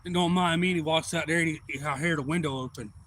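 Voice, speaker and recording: A man, rambling through excitable anecdotes on a casual live stream. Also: fairly high pitch, fast talker, a little hiss or hum. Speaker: livestream host. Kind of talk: casual storytelling.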